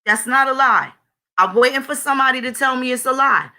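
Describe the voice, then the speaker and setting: A woman's voice: high-pitched, brisk, sharp tone. A woman hosting her own channel in a blunt, profane, conversational monologue, talking straight to her viewers. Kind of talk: casual spoken monologue.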